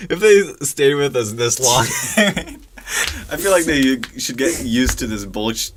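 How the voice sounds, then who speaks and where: A man's voice: mid-range voice, expressive, takes it slowly, slight background noise. A young man co-hosting a podcast, making dry, teasing remarks in casual chat. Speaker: podcast co-host.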